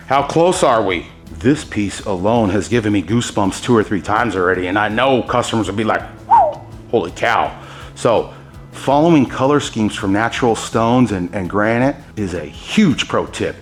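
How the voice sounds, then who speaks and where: A man hosting a hands-on epoxy tutorial, talking straight to his viewers, excited by his own results and handing out pro tips as he works. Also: mid-range voice. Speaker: host demonstrating epoxy countertop techniques.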